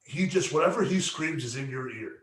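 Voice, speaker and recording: A man's voice: fairly high pitch, lively intonation, fairly quick, a bit bright, reverberant. A man co-hosting a casual late-night stream, stammering and repeating words, swearing freely. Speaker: podcast co-host.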